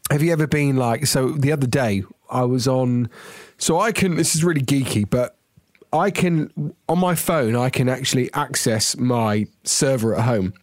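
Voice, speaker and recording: A man's voice: mid-range voice, moderate pace, darkish tone, dry recording. Chatty middle-aged man, dry sound. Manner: chatty, self-mocking storyteller with frequent restarts. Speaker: podcast co-host. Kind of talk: casual chat.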